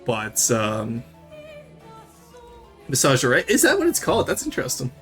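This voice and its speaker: Over soft background music, a young man from Quebec hosts a casual livestream at a measured pace and medium pitch. He's animated as he answers viewers, switching into French and laughing and cursing freely.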